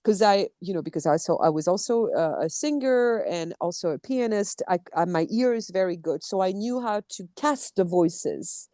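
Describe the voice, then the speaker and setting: A woman from France with a French accent, a voice director and actor talking as a podcast guest in a lively, expressive way, acting out quotes. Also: mid-range voice, normal speed, few pauses, no room sound, clean studio sound. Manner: animated, expressive, acts out quotes. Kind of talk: casual interview chat.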